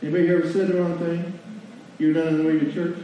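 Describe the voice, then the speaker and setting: A man preaching a sermon in a church, folksy and animated, asking the congregation questions. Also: fairly high pitch, racing, slight background noise. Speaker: pastor. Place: church sanctuary. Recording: distant mic in a very echoey hall, lo-fi.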